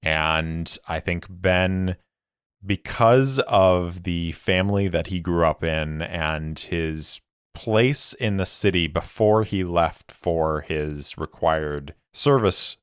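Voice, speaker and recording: Slow, low-voiced game narrator man. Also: clear, resonant tone, dry recording, clean studio sound. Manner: calm, deliberate storytelling. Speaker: game master and solo player. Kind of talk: narrating a solo tabletop game.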